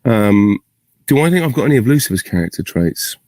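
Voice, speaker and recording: A man's voice: fairly low pitch, sing-song, a little fast, darkish tone, no room sound. A middle-aged man, answering fan questions in a casual video Q&A and thinking aloud in rambling, self-interrupting, good-humoured talk. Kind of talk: casual virtual Q&A. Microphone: video call.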